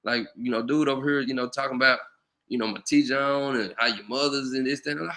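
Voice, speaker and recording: Man, AAVE, casual commentary, filler-heavy, bright tone. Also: medium pitch, fairly even intonation, fairly quick. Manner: loose, conversational, lots of "you know". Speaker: channel host.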